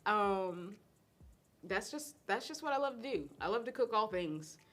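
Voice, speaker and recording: A middle-aged woman with a drawl hosts a casual live-stream chat about food. She talks in a loose, animated way and laughs often, and her voice sits at an average pitch for a woman. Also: unhurried. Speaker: host and cook answering viewer questions.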